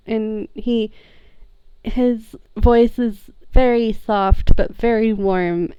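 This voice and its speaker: A woman playing a tabletop game, describing her character in a halting, giggly way. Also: mid-range voice, mellow, clean tone, dry recording, lo-fi sound. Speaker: player. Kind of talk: tabletop role-play chat.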